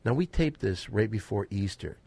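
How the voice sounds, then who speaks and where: A man's voice: fairly low pitch, lively intonation, moderate pace, vocal fry, heavy background noise. A man co-hosting a podcast, bossy and steering the crude casual banter. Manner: bossy, keeps steering the talk. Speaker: podcast co-host.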